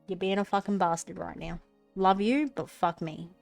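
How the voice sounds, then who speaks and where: Live-streaming while crocheting, a woman chats casually, swears at her cat and often drops to a whisper, sounding a little phlegmy. Her fairly low voice has vocal fry and normal speed, with faint music behind.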